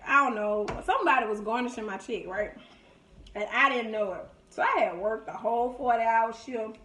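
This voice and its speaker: A woman, animatedly retelling a story while eating. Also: on the high side. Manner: animated, dramatic retelling with loud laughing outbursts. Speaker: mukbang vlogger. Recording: echoey room.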